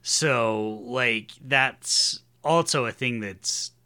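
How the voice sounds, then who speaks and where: A man's voice: mid-range voice, extremely slow, sharp tone, smooth. A man hosting a podcast, chatting casually with his guest, swearing freely and talking with enthusiasm. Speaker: podcast host.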